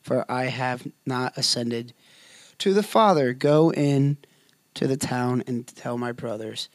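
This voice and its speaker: A man's voice: mid-range voice, slow, dry recording, studio quality. A young man co-hosting a casual Bible discussion, chatty and hesitant as he reads aloud with restarts. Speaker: co-host.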